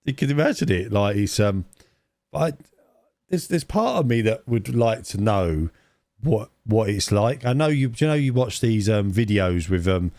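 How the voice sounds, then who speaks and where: Rambling low-voiced man. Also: expressive, moderate pace, a little mellow, no room sound. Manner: rambling, repeats words, tag questions. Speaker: podcast co-host. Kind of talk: casual chat.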